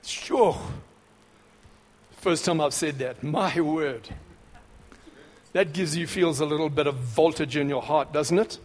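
A man preaching a sermon, dramatic, dropping to a hush and then rising to shouts. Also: fairly high pitch, slow, pauses often. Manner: dramatic, swings between hushed and shouting. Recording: long hall reverb.

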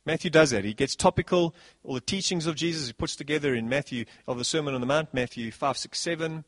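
A man preaching a sermon as pastor, animated, swinging between soft passages and loud bursts. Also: a little high, fast, dry recording.

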